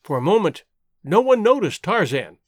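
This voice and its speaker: A man narrating a classic adventure novel as an audiobook, in an expressive, dramatic reading. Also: high voice, moderate pace, no echo, clean studio sound. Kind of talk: storybook narration.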